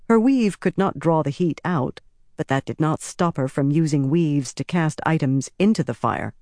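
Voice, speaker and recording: Dry, measured audiobook narrator. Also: mid-range voice, darkish tone, no room sound. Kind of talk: scripted fantasy audiobook narration.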